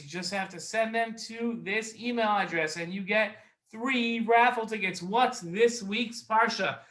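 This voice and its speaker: A high-voiced man hosts a children's learning show with an upbeat, eager delivery. His tone is bright and forceful, and he repeats phrases so young viewers can follow. He records it on his own. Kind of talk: children's educational show hosting. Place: alone in a recording space.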